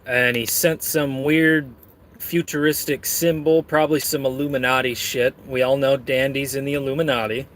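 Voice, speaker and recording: A man's voice: mid-range voice, fairly even intonation, normal speed, a bit bright. A man chatting casually on camera while eating and reading out chat, full of crude, rambling, self-mocking jokes. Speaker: streamer reading chat messages.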